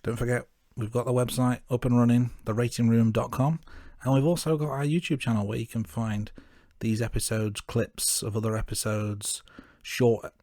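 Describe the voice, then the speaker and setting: A man from the English Midlands co-hosting a casual film podcast, steady and dryly teasing. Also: mid-range voice, normal speed, hardly any pauses, dry recording, studio quality. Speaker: podcast co-host.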